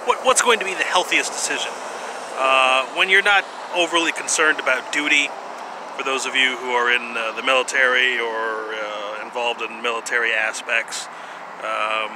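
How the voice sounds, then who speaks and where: Halting man talking over street noise. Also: mid-range voice. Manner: halting, full of "uh" pauses and asides. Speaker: vlogger presenting jutsu. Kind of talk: rambling casual monologue.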